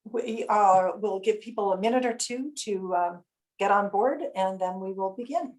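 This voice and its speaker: A woman's voice: medium pitch, moderate pace, darkish tone, rough recording. A woman hosting and moderating an online panel over a video call, speaking in a friendly, chatty way with frequent ums and uhs. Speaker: webinar host and moderator.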